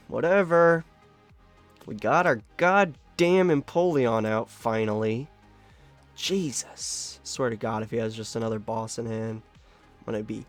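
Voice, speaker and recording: A man's voice: medium pitch, no room sound. A young man giving casual live commentary while he plays a card game, talking to himself, swearing and laughing at his luck. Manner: animated self-talk, swears, laughs at his own luck. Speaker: card game content creator.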